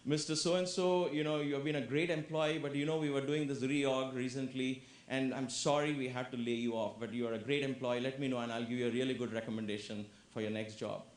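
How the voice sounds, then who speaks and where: A man voicing a polite corporate manager who speaks in a measured, formal way. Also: medium pitch, steady tone, reverberant, natural voice.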